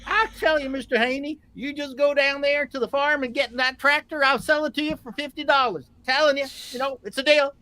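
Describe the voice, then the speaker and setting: A man's voice: very high voice, steady tone, a little fast, few pauses, bright, forceful tone, no room sound, voice pushed up. A man putting on the voice of a folksy rural salesman, a pushy older huckster with a twangy hillbilly drawl. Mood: wheedling.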